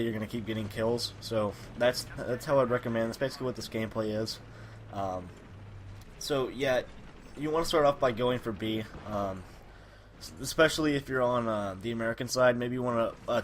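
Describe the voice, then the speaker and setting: A man giving casual gameplay commentary while he has a cold, his voice a little raspy, rambling with many fillers and corrections. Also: mid-range voice, a little hiss or hum. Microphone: personal microphone.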